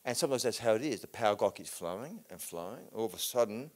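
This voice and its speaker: A healing minister with an English accent leads a healing meeting, praying over people in fervent, declaring prayer that moves from soft to loud, mixed with casual, matey remarks. His voice is on the low side with lively intonation, and he speaks fast.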